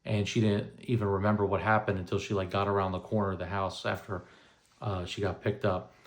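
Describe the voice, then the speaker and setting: A man's voice: sits low, level tone, brisk. A man in his thirties casually telling a personal story, rambling with many fillers and restarts. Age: 30s.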